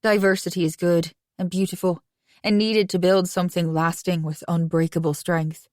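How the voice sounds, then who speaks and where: A woman reading a romance audiobook in first person with an even, conversational delivery. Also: fairly low pitch, normal speed, no echo, clean studio sound. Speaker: audiobook narrator.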